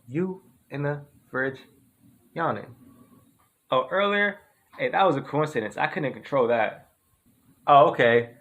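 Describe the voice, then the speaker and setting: A man's voice: a little high, fairly bright tone. A man performing a comedy sketch dialogue, trading slangy, profane street banter.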